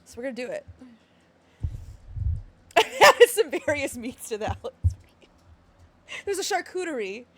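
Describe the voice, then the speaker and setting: A woman's voice: sits high, big pitch swings, takes it slowly, long pauses, a bit bright, no echo. A young woman streaming live, chatting casually and giggling as she greets her viewers.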